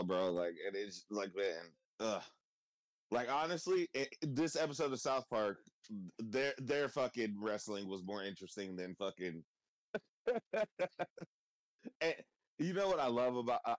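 A man with a low voice talks in loose, rambling casual chat, full of fillers and cursing. His voice sounds dry and close, with no room around it. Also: no room sound. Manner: rambling, swears freely, many fillers. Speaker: podcast co-host.

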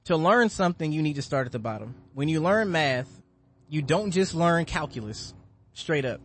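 A man on a podcast, talking in an emphatic, animated and profane way about a rap song. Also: fairly high pitch, moderate pace, breathy edge. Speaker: podcast host. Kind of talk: casual podcast discussion.

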